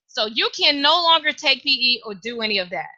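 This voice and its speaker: A woman voicing an anxious, protective mother who speaks firmly but gently to her child. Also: high voice, lively intonation, fairly quick, dry recording, dull audio, exaggerated voice. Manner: firm, soothing.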